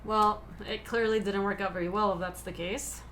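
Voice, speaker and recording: A woman's voice: medium pitch, fairly even intonation, normal speed, a bit bright. A woman hosting a stream, chatting casually and teasingly while playing a card game. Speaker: streamer host. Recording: noisy stream audio.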